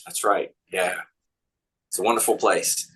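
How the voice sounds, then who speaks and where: Slow, bright-voiced male interviewer. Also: low voice, fairly even intonation, breathy edge. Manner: laughs along, short encouraging replies. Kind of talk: casual interview.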